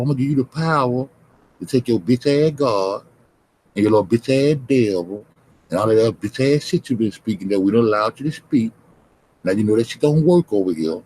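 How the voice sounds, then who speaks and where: A man's voice: medium pitch, darkish tone, rough recording. Profane ranting man on a livestream. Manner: profane, confrontational, repetitive. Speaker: livestream host. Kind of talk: ranting livestream talk to chat.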